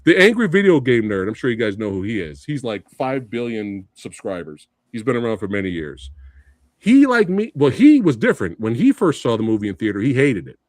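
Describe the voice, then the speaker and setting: Animated, laughing man chatting about movies. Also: medium pitch, brisk, dry recording, clean studio sound. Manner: animated, laughing often, quoting lines. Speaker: podcast co-host. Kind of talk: casual movie debate chat.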